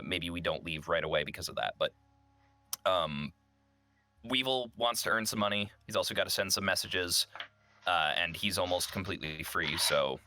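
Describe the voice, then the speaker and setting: A man chatting through a tabletop game session, circling back and restarting as he thinks aloud. His voice sits on the low side but sounds bright. It is recorded close and dry. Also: dry recording. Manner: rambling, with many ums and restarts. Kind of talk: casual tabletop game chat.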